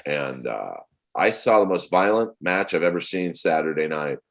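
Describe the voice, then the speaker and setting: A comedian in his forties, a man telling rambling, animated stories as a podcast guest. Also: deep voice, normal speed. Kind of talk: casual podcast chat.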